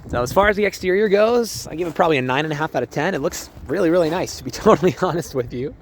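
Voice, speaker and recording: A friendly car salesman with a slightly high voice talks casually and laughs often as he walks around a truck. His voice is a little hoarse from use. The phone recording has clear outdoor background noise. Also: expressive, racing. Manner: chatty, upbeat, laughs often. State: voice a bit hoarse. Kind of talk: casual vehicle walkthrough. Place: outdoors on a car lot in cold weather.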